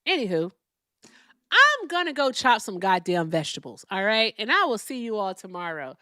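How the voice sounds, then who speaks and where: Woman streamer, profane emphatic rant, lively pitch, dry close sound. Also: normal speed, dry recording. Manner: profane, emphatic, repeats "all right?" tags. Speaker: host. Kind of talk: live-stream political rant.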